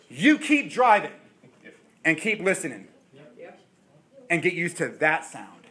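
Animated high-voiced male preacher. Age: 40s. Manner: animated storytelling, acting out voices. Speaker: pastor. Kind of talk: sermon.

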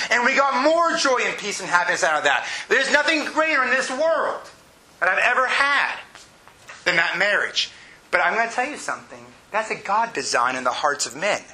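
A man's voice: high-pitched, bright, forceful tone, a little hiss or hum, rough recording. A middle-aged man preaching a sermon, earnest and personal, building to fervent emphasis. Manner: personal storytelling with laughs. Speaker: pastor.

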